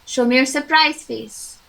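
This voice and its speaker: Slow, bright-voiced Indian woman teacher. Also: high-pitched, poor audio. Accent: Indian English. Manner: slow, clear, encouraging teacher talk with acted examples. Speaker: English teacher. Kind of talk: online class teaching.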